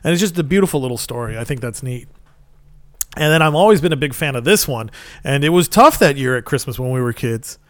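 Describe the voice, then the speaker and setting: A man's voice: medium pitch, expressive, fast talker, fairly bright tone, no room sound. A man telling stories in casual chat, rambling and enthusiastic with plenty of fillers.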